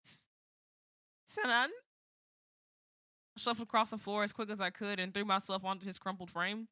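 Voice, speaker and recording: A woman's voice: medium pitch, little pitch movement, fast, bright, forceful tone, clean tone, no echo. A woman streamer reading a visual novel aloud, moving from dramatic narration to flustered, exasperated asides.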